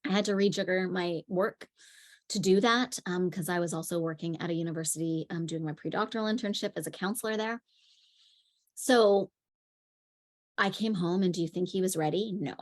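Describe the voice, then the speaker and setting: A woman with a fairly low voice speaks at a normal pace. She's a parenting coach teaching conversationally, telling chatty stories packed with fillers.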